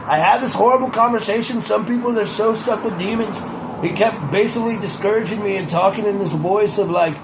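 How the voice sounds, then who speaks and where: A man's voice: high-pitched, fairly quick, noisy background. A man doing a rambling, boastful older public figure. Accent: Boston. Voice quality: rambling, repetitive, profane. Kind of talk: comedic impression monologue.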